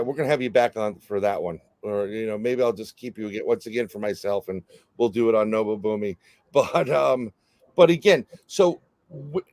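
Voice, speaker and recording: A man's voice: mid-range voice, a little mellow, no room sound. Chatty New York man hosting. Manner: chatty, rambling, jokey, many fillers. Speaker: podcast host. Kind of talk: casual interview chat.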